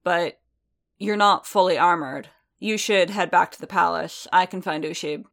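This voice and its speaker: A woman's voice: on the low side, moderate pace, vocal fry, a bit bright. Boba Fett, read by a woman, grim and terse. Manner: dry, terse, understated. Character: grim, wary veteran male bounty hunter.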